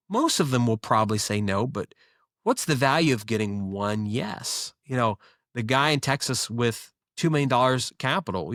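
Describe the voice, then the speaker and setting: A man, a guest business owner, telling stories in a casual interview with quick, animated delivery and frequent restarts. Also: medium pitch, dry recording, clean studio sound.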